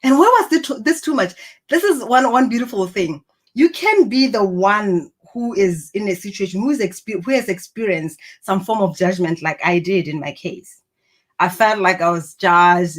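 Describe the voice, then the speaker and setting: Earnest woman giving motivational talk. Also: mid-range voice. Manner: earnest, encouraging, reflective. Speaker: personal growth speaker.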